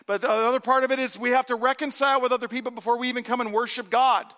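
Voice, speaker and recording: A man's voice: extremely high pitch, little pitch movement, very fast, sharp tone, in a large hall. A man in his forties, a pastor preaching a sermon in a church in a conversational way, with self-deprecating humor. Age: 40s. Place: church sanctuary.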